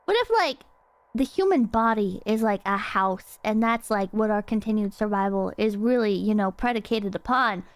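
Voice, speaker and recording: A woman streaming a horror game, chatting excitably and rambling, swearing freely as she plays. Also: mid-range voice, normal speed, clear, resonant tone, no room sound. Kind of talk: casual game stream chat.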